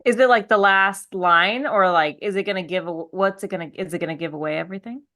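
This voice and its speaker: A woman's voice: fairly low pitch, quick pace, bright, forceful tone. A woman co-hosting a podcast, chatting casually and praising her guest, often restarting her sentences as she thinks aloud. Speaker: podcast co-host. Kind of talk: casual chat.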